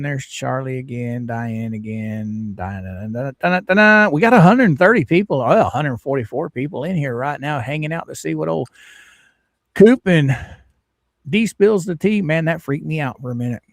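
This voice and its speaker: A man's voice: mid-range voice, gravelly, dry recording, clean studio sound. A man hosting a livestream, chatting casually and greeting viewers one by one by name in a folksy way. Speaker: livestream host.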